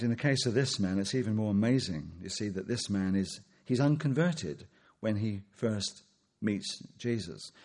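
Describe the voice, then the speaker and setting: Husky-voiced man preaching a lively sermon. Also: on the low side. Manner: expository preaching with rhetorical questions and quoted scripture.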